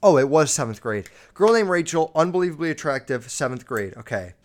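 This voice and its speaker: Brisk and sing-song, a young man with a slightly high voice hosts a podcast, rambling through crude tales of his school days. It's a casual storytelling monologue, and he swears nonstop.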